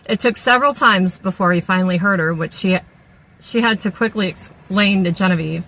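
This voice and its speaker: A woman reading a novel aloud at an even, steady pace, with a few small restarts. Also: lowish voice, brisk, slight background noise, rough recording. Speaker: audiobook reader.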